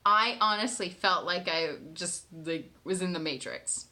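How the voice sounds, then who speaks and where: A woman telling her partner a personal story in a candid, animated way, swearing freely and often checking in with "right?". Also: lowish voice, normal speed, few pauses. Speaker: manifestation coach.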